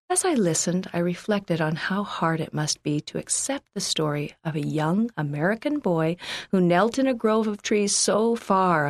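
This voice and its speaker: A woman reading a first-person church magazine article aloud in a measured, earnest way. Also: fairly low pitch, dry recording, clean studio sound. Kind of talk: scripted first-person narration.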